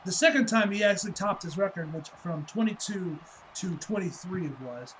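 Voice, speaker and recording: A man's voice: high-pitched, lively intonation, moderate pace, fairly bright tone, poor audio. A man giving a casual spoken review, ranting heatedly with lots of swearing and a loose, rambling delivery full of "like.". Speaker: wrestling reviewer.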